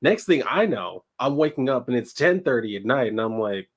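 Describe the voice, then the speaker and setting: A man's voice: mid-range voice, big pitch swings, normal speed, a little hiss or hum. A man co-hosting a casual chat, telling stories in a laid-back way. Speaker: podcast co-host.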